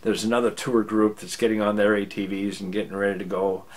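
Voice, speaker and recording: Brief: low-voiced American man, casual comic storyteller, self-deprecating. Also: monotone, brisk. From United States.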